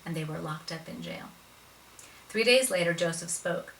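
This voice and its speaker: A woman's voice: on the low side, moderate pace, a bit bright. A woman retelling a Bible story for adults in a casual, conversational and emotionally invested way. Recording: roomy, from a distance with faint noise.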